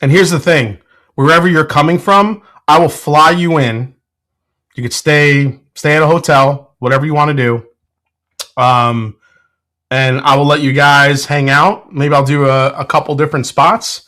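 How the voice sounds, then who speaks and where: A man's voice: a little high, unhurried, bright, forceful tone. A man hosting a casual live stream from his home whiskey room, laughing often, swearing freely and answering chat. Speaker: whiskey show host.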